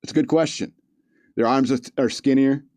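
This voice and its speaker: A man's voice: mid-range voice, moderate pace, a little mellow, no room sound. A man hosting a podcast, reading news stories aloud with joking asides and frequent chuckles. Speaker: podcast host. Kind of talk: casual comedic commentary.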